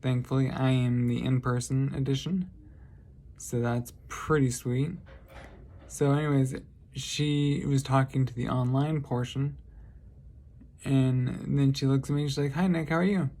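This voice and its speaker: A man's voice: mid-range voice, level tone, measured pace, mellow. A man vlogging, telling casual stories in a rambling, lighthearted way and often correcting himself. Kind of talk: casual storytelling monologue.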